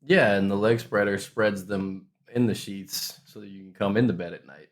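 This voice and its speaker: A man co-hosting a relaxed podcast from home. He talks in a dry, teasing way and needles his partner with deadpan jokes. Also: on the low side, normal speed. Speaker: podcast co-host. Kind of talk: casual chat.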